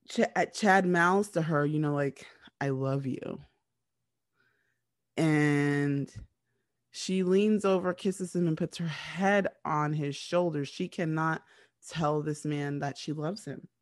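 Woman retelling a TV episode, animated. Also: low-pitched, no echo, studio quality. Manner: animated, repeats words while retelling scenes. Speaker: podcast co-host recapping a TV episode. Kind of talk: casual chat.

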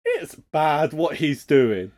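Animated man on a podcast. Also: a little high, slow pace. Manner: animated, swearing, emphatic. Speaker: podcast co-host. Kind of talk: casual podcast chat.

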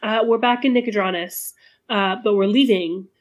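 A woman plays in a tabletop game, speaking in a mid-pitched voice with a casual, halting manner and plenty of ums. She sounds relaxed and unhurried. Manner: casual, hesitant, many fillers. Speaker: player.

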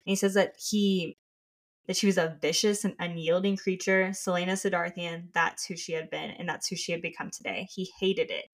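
A woman's voice: lowish voice, steady tone, normal speed. A young woman co-hosting a book podcast, enthusiastically discussing and reading passages aloud. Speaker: podcast co-host.

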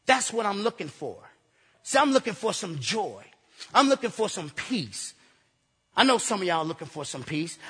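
Excitable preacher man, high husky voice. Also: long reverb tail. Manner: excitable, repetitive call-and-response preaching. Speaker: pastor. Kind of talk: energetic sermon. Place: church sanctuary.

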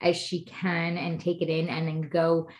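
Rambling mom with lots of fillers. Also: female voice, on the low side, monotone, measured pace. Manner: rambling, heavy use of "you know" fillers; earnest, acts out quoted dialogue. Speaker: podcast guest. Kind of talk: casual chat.

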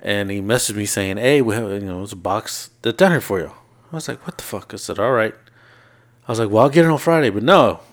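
This co-host speaks fairly quickly in a fairly low voice, recapping his week through long, casual, profane stories. He animates the retelling by voicing what people said, punctuated with laughter.

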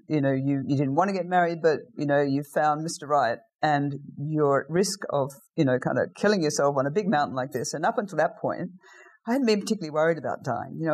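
A middle-aged Australian woman, a guest in an interview, telling lively anecdotes in a casual way. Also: sits low, breathy edge. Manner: lively anecdotal storyteller, acts out quoted lines.

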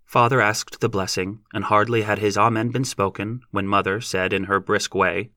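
A man narrating a novel as an audiobook in a measured, even reading. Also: lowish voice, no room sound, clean studio sound.

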